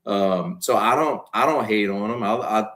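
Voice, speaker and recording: A man's voice: fairly low pitch, moderate pace. A man in his forties with a Louisiana Cajun accent, telling stories on a podcast and acting out quotes. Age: 40s. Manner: animated storyteller who acts out quotes loudly. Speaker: guest comedian and content creator. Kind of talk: casual podcast storytelling.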